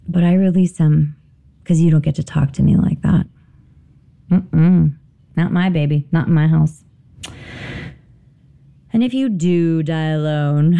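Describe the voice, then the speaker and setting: A woman hosting a spiritual podcast, talking candidly with swearing and animated storytelling. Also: on the low side, measured pace, vocal fry, long pauses. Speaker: podcast host. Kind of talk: casual spiritual talk.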